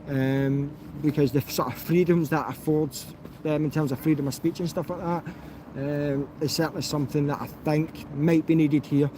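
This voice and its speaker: Scottish guy chatting live to viewers outside, kinda high voice, lots of ums and restarts, faint traffic noise behind. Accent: Scottish, softened. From Scotland. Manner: chatty, rambling, with many fillers and restarts. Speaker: YouTube auditor answering live chat. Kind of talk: casual live-stream chat.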